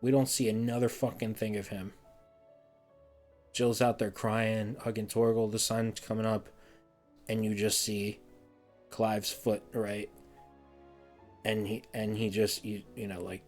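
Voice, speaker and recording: A man's voice: fairly low pitch, darkish tone. A man streaming a heated game review, ranting and swearing often, repeating words in frustration.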